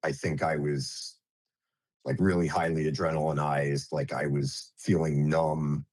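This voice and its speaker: A man who is a nurse, recounting an emergency as an interview guest in a halting way, with many fillers and restarts. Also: a bass voice, flat delivery, a little mellow, no echo.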